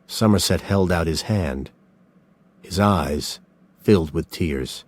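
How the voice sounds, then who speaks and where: A man narrating a story in a slow, scripted reading. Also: low-pitched, a little mellow, husky.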